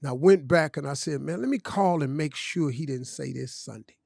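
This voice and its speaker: A man's voice: on the high side, fairly quick, vocal fry, a little mellow, dry recording, clean studio sound. A man telling a personal story on a podcast, emphatic and conversational, often saying "man". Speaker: podcast guest, comedian. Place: studio.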